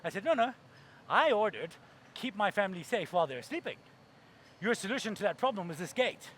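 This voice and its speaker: A man's voice: sits high, big pitch swings, fairly quick, a bit bright, a little hiss or hum. A man giving a keynote talk at a conference, telling stories with acted-out voices and laughter. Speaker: keynote speaker.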